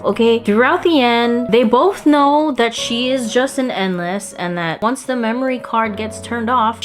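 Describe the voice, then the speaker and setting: A young woman casually reviewing a video game, animated and swearing, acting out characters in high, squeaky voices. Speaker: gaming video creator.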